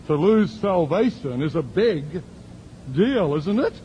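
A man's voice: on the high side, sing-song, measured pace, dark tone, highs cut off, a little hiss or hum. A male pastor preaching a sermon as a story, with dry, sarcastic asides.

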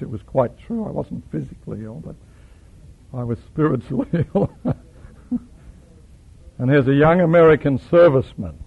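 A man's voice: mid-range voice, slightly rough. A man preaching a sermon, telling stories dramatically and acting out the people in them. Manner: dramatic, storytelling with acted quotes. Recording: dull lo-fi recording.

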